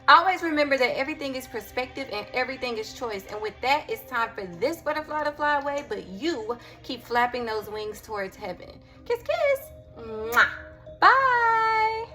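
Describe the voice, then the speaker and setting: A woman giving a casual devotional talk, sassy and animated, breaking off to talk to her dog. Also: a little high, fairly quick, few pauses, faint music behind. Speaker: faith vlogger.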